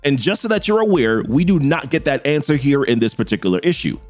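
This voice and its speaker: Animated man recapping a comic. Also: mid-range voice, fast, soft background music. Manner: chatty, animated. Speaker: comic book reviewer.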